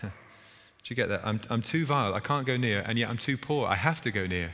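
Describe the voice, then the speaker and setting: A man's voice: fairly low pitch, fairly quick, a bit bright. A man preaching a sermon as a vicar, chatty and informal, often restarting his sentences and acting out little stories. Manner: chatty, self-interrupting, acts out stories. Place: church. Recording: long church hall reverb.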